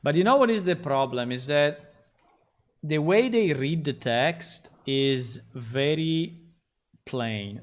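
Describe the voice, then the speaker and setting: A man who is a game developer, chatting casually on a livestream while he codes, halting and repeating himself with many fillers. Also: mid-range voice.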